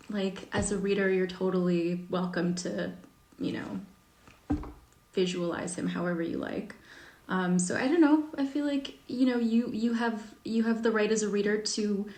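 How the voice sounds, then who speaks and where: A woman's voice: mid-range voice, darkish tone. A woman talking casually on a live stream, answering reader questions with lots of fillers and a self-deprecating tone. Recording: echoey room.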